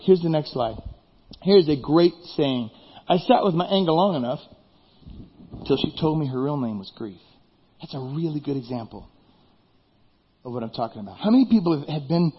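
A man preaching a sermon as pastor, animated, firing rhetorical questions and then dropping suddenly quiet. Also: mid-range voice, breathy edge. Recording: dull reverberant hall recording.

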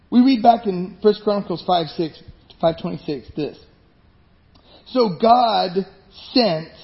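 A man preaching a sermon, animated, acting out the voices of people in his stories. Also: high-pitched, lo-fi sound. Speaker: pastor.

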